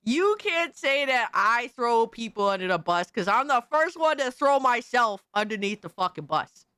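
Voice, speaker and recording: Hyped, profane woman streamer, bright voice. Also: fairly high pitch, expressive, smooth, dry recording. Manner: hyped, profane, rapid chat shout-outs. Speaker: live stream host. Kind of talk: casual live stream chat.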